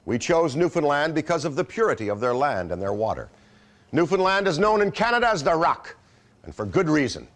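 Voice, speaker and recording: A man's voice: a little high, sing-song, a little fast, fairly bright tone. A man giving earnest, solemn promotional narration about mystical artifacts. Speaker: commercial spokesman.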